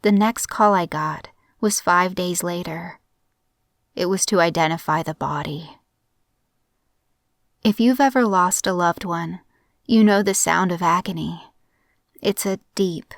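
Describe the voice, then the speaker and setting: A woman's voice: fairly low pitch, no echo, clean studio sound. Somber woman narrating a horror story.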